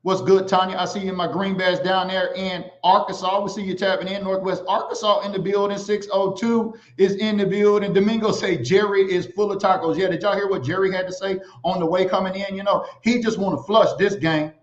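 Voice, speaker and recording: A man hosting a casual livestream, animated and giving shout-outs to viewers. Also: high voice, brisk, few pauses. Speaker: livestream host. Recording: echoey, slightly dull sound.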